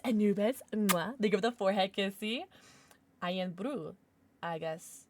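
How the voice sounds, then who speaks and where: A woman's voice: medium pitch, a little slow, slight background noise. A tired woman livestreaming a game, chatting casually and rambling with her viewers, reading out names and laughing often. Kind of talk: casual chat with viewers while gaming.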